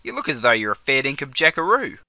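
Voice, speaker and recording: Very animated and quick, a young Australian man plays Jono, the easygoing Aussie mate of a comedy sketch, rattling off broad slang. His mid-range voice has a sharp tone with no room sound.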